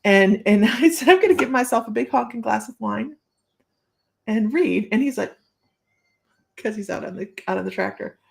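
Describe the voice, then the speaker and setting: A woman's voice: on the high side, animated, moderate pace, creaky, pauses often. A woman psychic medium giving casual live-stream readings, chatty and rambling, often breaking into laughter.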